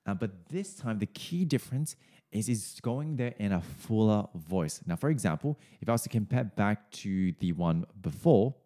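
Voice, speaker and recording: A male singing coach talks viewers through a song's vocal choices in a somewhat low voice. His delivery is friendly and explanatory, loosened with casual fillers. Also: lively intonation, normal speed, mellow.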